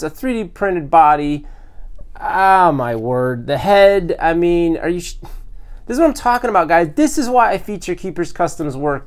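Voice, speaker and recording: A man hosting a toy collecting vlog, unboxing custom figures with loud, gushing excitement and frequent exclamations. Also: fairly high pitch, creaky. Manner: breathless from excitement.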